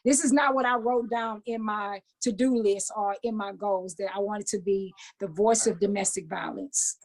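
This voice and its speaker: A woman in her fifties with a Southern Louisiana accent, talking as a guest in a casual interview, animated and often repeating words as she restarts. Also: medium pitch, normal speed. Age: 50s. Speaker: guest, author and minister.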